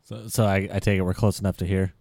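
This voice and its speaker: Male player, deep and resonant, dry sound; halting, profane. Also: level tone, gravelly, a little mellow, no echo. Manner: halting, stumbling restarts, heavy profanity. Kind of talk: tabletop role-play.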